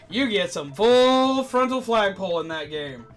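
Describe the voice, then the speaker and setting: Animated streamer telling rant stories. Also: mid-range voice, takes it slowly, faint music behind. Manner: animated, breaks into loud indignant outbursts. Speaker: streamer, former game store manager. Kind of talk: casual storytelling on a game stream.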